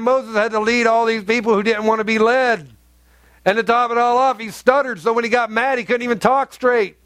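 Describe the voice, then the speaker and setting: A man's voice: very high-pitched, a bit bright, no room sound. A male pastor preaching a sermon in a conversational, emphatic way, full of rhetorical questions.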